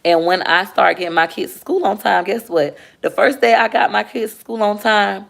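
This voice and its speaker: A woman's voice: mid-range voice, normal speed, vocal fry, few pauses. A woman, a mother livestreaming, telling a heartfelt personal story to her viewers. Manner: candid, heartfelt, addresses viewers as y'all.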